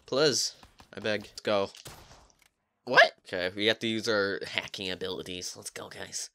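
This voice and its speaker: A man doing excitable gameplay commentary, joking to himself and yelping whenever he is startled. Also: on the low side, measured pace, gravelly. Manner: excitable, yelps and shrieks when startled; jokey, self-mocking asides. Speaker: gaming YouTuber.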